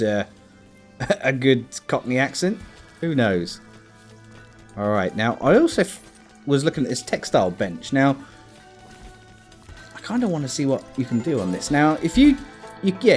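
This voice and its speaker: A man giving casual gameplay commentary as a let's play host, thinking aloud and chatting to his game characters. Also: medium pitch.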